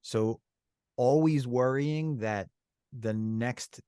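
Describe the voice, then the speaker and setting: A man co-hosting a podcast in casual chat, thoughtful and explaining things calmly. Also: medium pitch, drawn-out words, clear, resonant tone, dry recording, studio quality. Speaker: podcast co-host.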